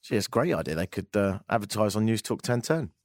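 A man's voice: on the low side, expressive, fast talker, no room sound, studio quality. A man hosting a radio show, talking in a chatty, rambling monologue with wry, self-mocking asides.

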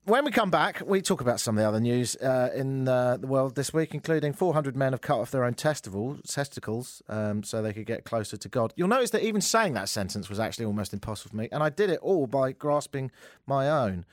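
A man hosts a radio talk show, his pitch leaping around as he rants sarcastically. He drops to muttering asides, then bursts into loud exclamations. The studio sound is dry and close. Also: lively intonation, a little fast, no echo. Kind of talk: comic radio monologue.

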